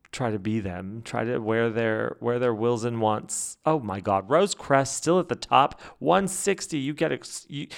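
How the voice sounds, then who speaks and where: Young guy host, gravelly, whispering chatty fan talk in a hotel room late at night. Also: medium pitch. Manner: chatty, excitable, joking. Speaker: podcast host. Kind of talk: casual fan chat.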